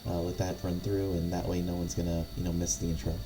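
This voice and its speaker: A man's voice: sits low, little pitch movement, quick pace, music in the background. A man running a tabletop game on a live stream, chatting casually with many fillers and small laughs. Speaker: game master.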